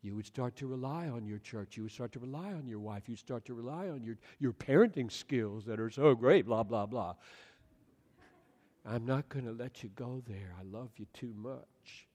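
A man voicing God, soft and tender. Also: medium pitch, moderate pace, lightly acted. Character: God, gentle loving fatherly voice. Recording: echoey hall with long reverb.

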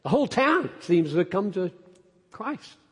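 A man preaching an expository sermon, emphatic, climbing to loud peaks and then dropping low. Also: sing-song, moderate pace, breathy edge. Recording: long hall reverb.

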